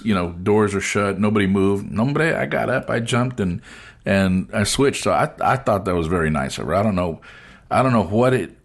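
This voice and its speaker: Low-voiced man telling a story. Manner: animated storyteller acting out quoted voices. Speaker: host. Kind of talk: casual storytelling chat.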